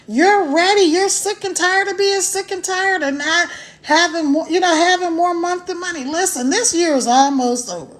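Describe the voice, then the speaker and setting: A chatty, animated woman with a high voice talks straight into her phone during a casual livestream. She laughs easily and keeps the energy up as she speaks to her viewers. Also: normal speed. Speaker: online business promoter. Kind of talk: casual live-stream chat.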